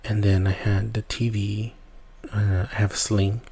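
Male podcast host, low, dark husky voice, rambling casual storyteller who swears. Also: level tone, measured pace. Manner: rambling, swears often, restarts a lot.

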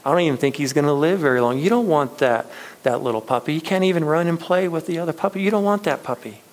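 A man's voice: fairly high pitch, animated, fast talker, voice pushed up, close to an everyday voice. A man voicing a blunt, matter-of-fact shop owner in a told story. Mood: dismissive. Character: blunt middle-aged male shop owner.

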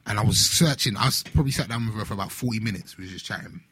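A man's voice: on the low side, rapid-fire, bright, forceful tone, husky, no room sound. A man chatting laid-back in a casual group chat. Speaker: podcast co-host, music guest.

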